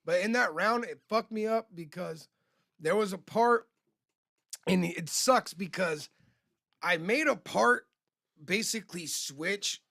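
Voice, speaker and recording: A man's voice: high-pitched, slow, vocal fry, pauses often, bright, forceful tone, dry recording, clean studio sound. A man co-hosting a podcast, talking in loose, profane, rambling chat with many restarts. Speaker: podcast co-host. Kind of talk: casual chat.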